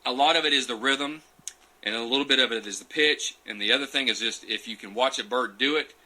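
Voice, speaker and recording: In a chatty, meandering live session filmed on a phone, a champion turkey caller reads viewer comments aloud and answers their questions, with some demonstration. He speaks fairly quickly at a medium pitch, his tone bright and forceful, and the audio is poor.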